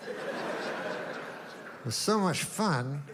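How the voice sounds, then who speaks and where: An older man doing stand-up in a dry, deadpan, rambling way, pitched a little higher than most men. His voice carries a long hall echo, with faint room ambience underneath. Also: background noise. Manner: deadpan, rambling, drawn-out pauses. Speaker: stand-up comedian.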